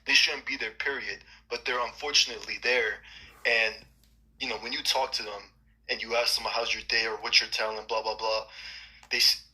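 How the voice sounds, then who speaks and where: A man calling into a stream, earnestly explaining his point in a fairly quiet voice. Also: mid-range voice, steady tone, normal speed, low-quality recording. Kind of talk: arguing on a stream call.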